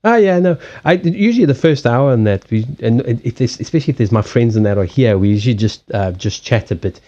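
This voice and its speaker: A man with a Southern African accent, a native Portuguese speaker, hosting a casual livestream chat, animated and freely swearing. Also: mid-range voice, fairly quick, dull audio. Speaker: card reader and livestream host. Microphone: USB headset mic.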